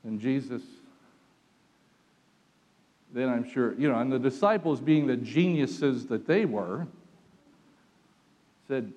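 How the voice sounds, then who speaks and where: Male preacher, mid-pitched, dramatic sermon delivery from hushed to loud, reverberant hall. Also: animated, a little slow. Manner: dramatic storytelling, swings from hushed to shouting.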